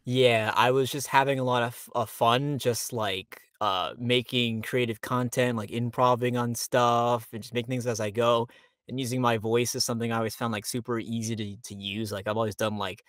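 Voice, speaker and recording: A man's voice: mid-range voice, flat delivery, normal speed, fairly bright tone, no echo, studio quality. A young man from Miami, a voice actor, chatting casually in an interview with lots of fillers and frequent laughs. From Miami, Florida. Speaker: voice actor guest.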